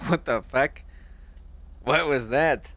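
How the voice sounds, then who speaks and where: A man roleplaying in character in casual, profane chat, halting with fillers. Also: mid-range voice, sharp tone, dry recording. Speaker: roleplay player.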